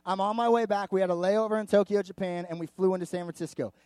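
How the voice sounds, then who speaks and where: A man's voice: high-pitched, quick pace, dry recording. A man who is a pastor, giving a sermon in a candid, chatty storytelling manner, full of asides and "like". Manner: animated, candid, chatty with frequent "like". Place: church service before a live audience.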